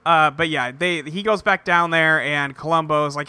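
A man's voice: on the high side, moderate pace, hardly any pauses, smooth, no echo. A man co-hosting a podcast, casually retelling a TV episode and acting out the characters' lines. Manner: animated, acts out characters' lines while retelling. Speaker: podcast co-host. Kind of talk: casual chat recapping an episode.

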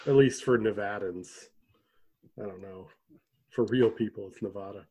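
A man co-hosting a casual podcast chat, rambling with restarts and throat clearing. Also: on the low side, normal speed, dull audio. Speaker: podcast co-host.

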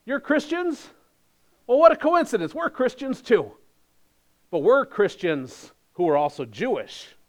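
A man's voice: very high-pitched, big pitch swings, unhurried, pitched above the performer's own voice, exaggerated voice. A man putting on a pushy smug rule-preacher. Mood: mock-surprised. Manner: mock-friendly, insistent nagging.

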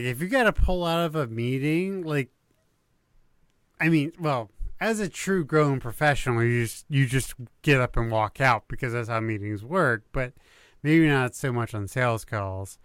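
A man co-hosting a casual podcast chat, breaking into laughs and trying quick impressions. His voice is smooth and resonant at a middle pitch. The recording is dry and close. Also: expressive, fairly bright tone, no room sound. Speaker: podcast co-host.

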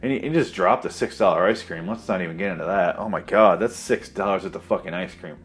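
A man's voice: deep voice, fast talker, soft background music. A man giving a sarcastic, profane, rambling comedic recap of a movie plot.

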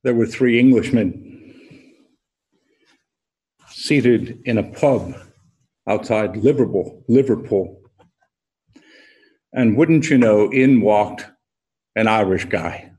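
A man preaching a sermon as an unhurried storyteller, pausing deliberately as he leads into his point. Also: on the low side, warm tone, breathy edge. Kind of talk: sermon with a told joke.

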